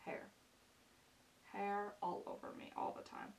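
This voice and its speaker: A woman's voice: medium pitch, steady tone, unhurried, creaky. Earnest young woman vlogging from a distance. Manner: earnest, gushing, many ums and repeats. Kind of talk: casual chat to camera. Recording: distant mic with faint hiss.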